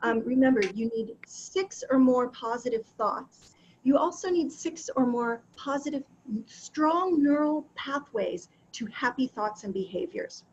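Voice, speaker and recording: Upbeat lady coach teaching a class, kinda high voice, dull muffled audio w a little hiss. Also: expressive, measured pace. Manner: warm, encouraging, laughs often. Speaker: wellness coach. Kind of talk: online class talk. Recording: dull lo-fi sound with faint background noise.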